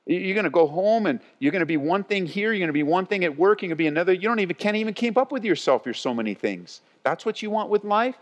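Male pastor, animated sermon delivery, rising to loud and dropping to quiet, big reverberant sanctuary sound. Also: a little high. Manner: animated, swings between loud and hushed. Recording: long church hall reverb.

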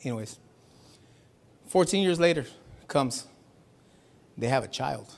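A man pastor preaching a Sunday sermon in a church, talking in a loose, slangy way, sometimes shouting and sometimes dropping to a hush. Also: medium pitch, lively intonation, unhurried, vocal fry. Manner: conversational preaching with slangy asides and laughs; swings from shouting to hushed.

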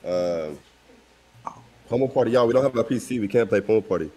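A young man, a streamer, chatting in quick, slangy bursts with friends on a gaming stream. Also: lowish voice, warm tone, rough recording. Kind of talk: casual group chat on a gaming stream.

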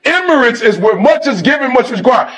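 A middle-aged man giving a motivational speech to a sports team, switching between fiery shouted exhortation and laid-back storytelling. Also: very high voice, animated, brisk. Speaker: motivational speaker.

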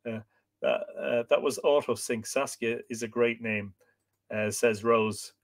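A man's voice: mid-range voice, fairly even intonation, a little slow. Man reading folklore on a live show. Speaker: podcast host.

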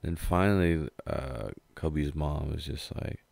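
A young man with a very low, gravelly voice tells a rambling story in a laid-back way, swearing freely. The recording is close and dry, with no room sound. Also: measured pace, a little mellow, no echo. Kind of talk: casual storytime.

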